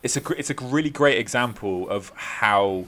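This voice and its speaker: A man's voice: medium pitch, moderate pace, fairly bright tone, a little hiss or hum. A young man chatting casually as a podcast co-host, rambling and laughing often. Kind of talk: casual chat.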